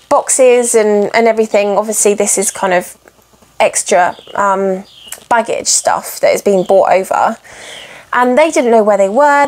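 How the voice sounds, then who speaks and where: A chatty young woman vlogs from inside her RV, her voice sitting a little high for a woman. She rambles and gets emotional, with plenty of ums and restarts. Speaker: cross-stitch vlogger. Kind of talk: casual chat to camera.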